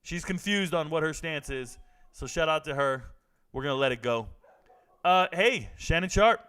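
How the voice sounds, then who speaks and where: A man's voice: a little high, moderate pace, pushed and bright, clear, resonant tone, low-quality recording. A middle-aged man hosting a casual commentary vlog, brash and joking as he talks straight to his viewers. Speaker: sports and trends commentator.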